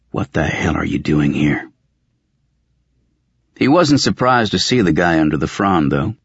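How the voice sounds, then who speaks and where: A man's voice: deep voice, no room sound, lo-fi sound. A man narrating a fantasy audiobook in the first person, in a dry, wry, world-weary tone.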